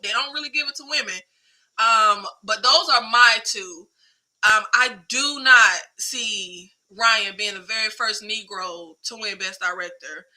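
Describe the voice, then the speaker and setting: A woman hosting a film talk show in casual chat, animated and slangy. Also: a little high, rough recording. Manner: animated, slangy, emphatic, laughs often. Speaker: film podcast host.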